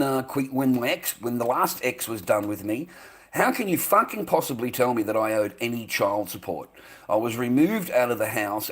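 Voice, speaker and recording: Profane ranting Australian man. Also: medium pitch. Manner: angry, profane, repeats himself, stumbles over words. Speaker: vlogger. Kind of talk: ranting monologue to camera.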